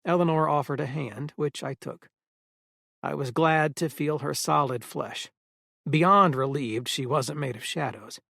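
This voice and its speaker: A man narrating a first-person audiobook in a steady storytelling manner. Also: on the high side, measured pace, vocal fry, dry recording, clean studio sound.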